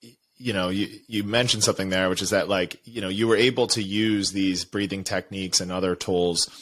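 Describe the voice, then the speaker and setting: A man's voice: sits low, fairly even intonation, brisk, a bit bright. A man hosting a podcast interview, talking in a reflective way with many fillers. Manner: reflective, filler-heavy, "you know". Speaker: podcast host.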